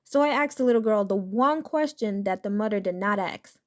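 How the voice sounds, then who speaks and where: A woman reading online stories as a scripted narration, in a steady, matter-of-fact way. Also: medium pitch, moderate pace.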